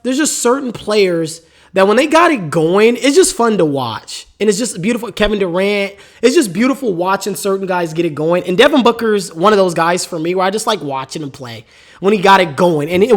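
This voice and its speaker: A man's voice: sits high, fairly bright tone. A man hosting a solo sports podcast, talking casually with strong opinions and a rambling, repetitive way of speaking, while he has the hiccups. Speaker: podcast host.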